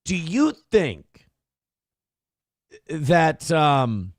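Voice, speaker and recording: A man's voice: a little high, big pitch swings, drawn-out words, dry recording, studio quality. Crude, sarcastic male show host. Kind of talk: casual live-stream commentary.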